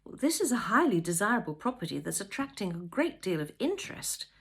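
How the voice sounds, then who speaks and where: An eager young estate agent, all smooth patter and bright persuasion, put on by a woman reading a story. The voice rises high and lively as he sells. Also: a little fast. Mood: salesy. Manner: polished sales patter.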